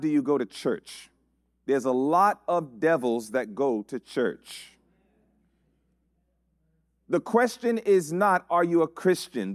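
Animated preacher man, slightly high voice. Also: no echo, studio quality. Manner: animated preaching with rhetorical questions and repetition. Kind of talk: sermon.

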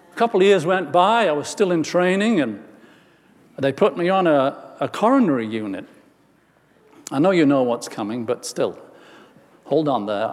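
Male preacher who tells a story and then builds to emphatic preaching, with a higher-pitched voice in a reverberant hall. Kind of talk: sermon with personal story.

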